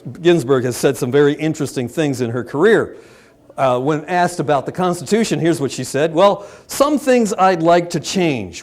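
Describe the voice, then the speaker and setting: Impassioned male pastor, slightly high voice. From Maryland, USA. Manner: impassioned, swings from loud emphasis to low asides. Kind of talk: political sermon.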